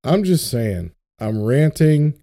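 Young man, podcast co-host, slow deliberate delivery, profane impassioned rant. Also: medium pitch, sing-song, dark tone. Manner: ranting, profane, passionate about faith. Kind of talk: casual podcast chat.

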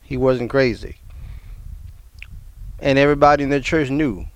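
A man's voice: medium pitch, moderate pace, clear, resonant tone. A man in his fifties preaching a sermon, rambling and restarting his words. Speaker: pastor.

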